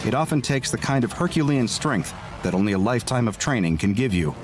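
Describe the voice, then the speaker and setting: A man narrating a scripted dark story in a measured, building storyteller's manner. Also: mid-range voice, animated. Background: music.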